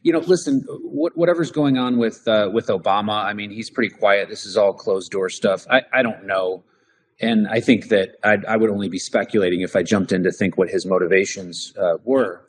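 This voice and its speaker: A man's voice: on the low side, normal speed. A man co-hosting a political talk show, explaining his points in a conversational way and often restarting his sentences. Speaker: podcast co-host.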